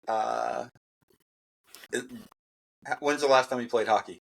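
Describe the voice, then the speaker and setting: A man co-hosting a podcast in relaxed casual chat, who laughs along and explains things to his partner. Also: mid-range voice, a little slow, creaky, rough recording. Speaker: podcast co-host.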